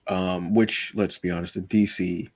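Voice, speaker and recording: A man's voice: low-pitched, level tone, unhurried, no echo, clean studio sound. A man co-hosting a podcast, chatting casually and animatedly, acting out quoted lines with self-deprecating asides. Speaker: podcast co-host.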